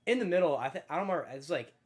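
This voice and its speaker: A man's voice: a little high, lively intonation, quick pace. A young man co-hosting a podcast, telling a work story in laid-back, profane casual chat. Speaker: podcast co-host.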